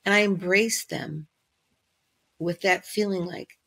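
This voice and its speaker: Woman podcast host, slightly low pitch, husky, encouraging listener. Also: steady tone, slow, bright, forceful tone. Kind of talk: casual conversation.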